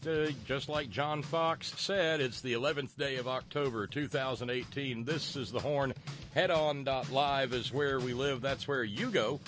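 A man's voice: mid-range voice, measured pace, fairly bright tone, soft background music. A man with a Southern US accent from West Virginia, hosting a radio talk show in a folksy, rambling way with many fillers and restarts.

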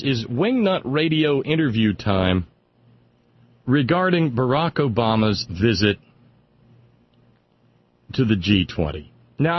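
A man's voice: fairly low pitch, breathy edge, dull audio. A man hosting a radio talk show, delivering sardonic, rambling political commentary and stumbling over repeated words as he gets worked up.

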